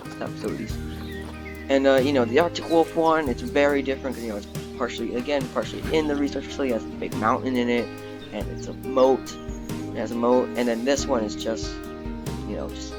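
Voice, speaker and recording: Chatty young man over game music. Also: mid-range voice. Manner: chatty, rambling, easily excited. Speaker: gaming YouTuber. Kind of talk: casual gameplay commentary.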